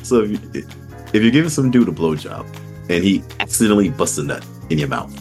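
A man's voice: lowish voice, fairly quick, soft background music. Guy cohosting a podcast, storytelling, laughs a lot, voice all over the place. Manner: animated storyteller, laughs often. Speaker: podcast host. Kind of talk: casual chat.

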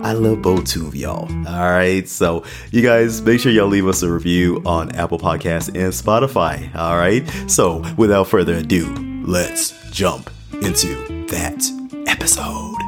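A man's voice: deep voice, unhurried. A young man hosting a podcast in a casual, jokey monologue, tagging his lines with "okay?". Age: young adult. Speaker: podcast host. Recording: music playing underneath.

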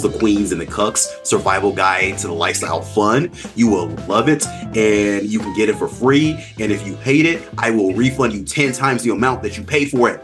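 A man hosting a podcast in casual chat, laid-back, chuckling and poking fun at himself. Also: on the low side. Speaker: podcast host.

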